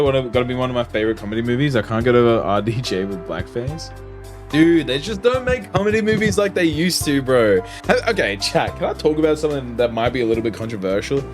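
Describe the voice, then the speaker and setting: Animated, swearing young streamer guy. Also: medium pitch. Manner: animated, heavily profane, slangy. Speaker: livestreamer. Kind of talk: casual livestream rant to chat. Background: music.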